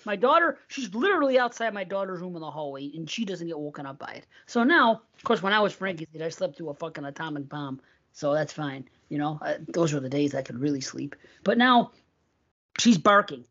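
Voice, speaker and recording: A man's voice: on the high side, very animated, fairly quick, fairly bright tone. A middle-aged man co-hosting a podcast, telling a long, profane, rambling story in casual chat. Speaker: podcast co-host. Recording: dull lo-fi sound.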